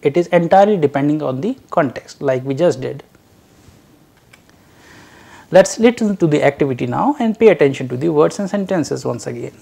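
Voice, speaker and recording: A man giving a recorded lecture, teaching slowly and deliberately and drilling short example phrases. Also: a little high, animated, creaky, dark tone, slightly rough.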